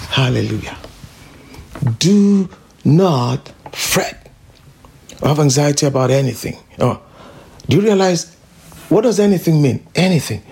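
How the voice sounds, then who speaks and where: Woman, pastor, sermon, husky gravelly voice, lively swooping pitch, emphatic repetition. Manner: emphatic, repeats declarations over and over.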